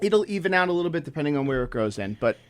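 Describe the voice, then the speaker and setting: A man co-hosting a casual podcast, telling a profane, animated story. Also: a little high, racing, no room sound. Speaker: podcast co-host. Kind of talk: casual chat.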